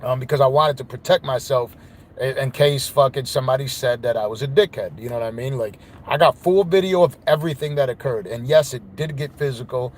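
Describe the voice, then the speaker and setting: A man's voice: mid-range voice, brisk, slight background noise. A man hosting a podcast, telling a story in a casual, rambling monologue full of swearing and "you know what I mean.". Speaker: podcast host.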